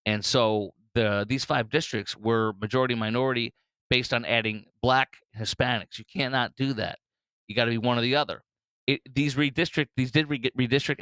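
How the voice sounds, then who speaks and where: A man's voice: lowish voice, a bit bright, clean tone, no room sound. A man hosting a solo political commentary show, talking bluntly and mockingly with frequent fillers and restarts.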